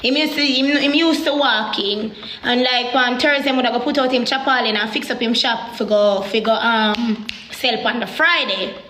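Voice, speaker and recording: A young Jamaican woman telling a personal story in an animated, heated way. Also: on the high side, normal speed, reverberant, slight background noise.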